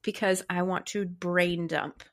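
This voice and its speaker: A woman's voice: on the low side, steady tone, unhurried. A young woman co-hosting a podcast, chatting casually, laughing often and telling stories. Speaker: podcast co-host. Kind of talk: casual chat.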